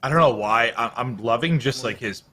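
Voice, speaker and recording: Man, esports co-commentator, live casting, playful, hype, bright tone. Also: medium pitch, a little fast. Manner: playful, hyping, asks questions of his co-host.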